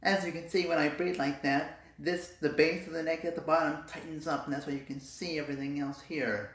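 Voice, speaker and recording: A woman's voice: sits low, fairly even intonation, a little fast. A woman in a casual vlog, explaining and demonstrating voice techniques. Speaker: vlogger. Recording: roomy echo.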